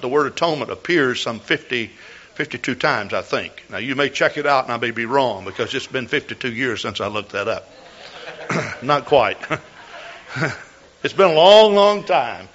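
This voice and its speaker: A man's voice: medium pitch, expressive, moderate pace, fairly bright tone. An older man preaching a sermon as a pastor, telling a folksy story with repeated words and restarts. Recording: dull lo-fi recording.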